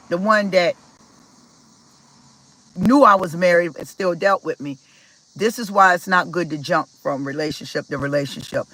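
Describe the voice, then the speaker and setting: A woman from Maryland telling a personal story to her viewers in a casual, animated way, acting out what people said. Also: lowish voice, low-quality recording. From Maryland, USA. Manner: animated, talks to viewers directly, acts out quoted dialogue. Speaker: spiritual vlogger.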